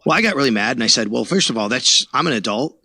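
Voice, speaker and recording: Quick-talking man from Buffalo with a bright, forceful tone, a reporter guest on a podcast who acts out what others said. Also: mid-range voice, breathy edge, no room sound. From Buffalo, New York. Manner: animated, acts out quoted dialogue. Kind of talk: casual storytelling interview.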